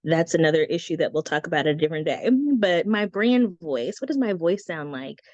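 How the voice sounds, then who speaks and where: A woman with a squeaky, slightly low voice talks through branding tips in a chatty, animated way, tossing in breezy asides. Her voice comes through a dry, muffled video call. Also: a little fast, dry recording. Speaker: branding guest teacher. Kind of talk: casual teaching talk. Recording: dry, dull lo-fi call audio.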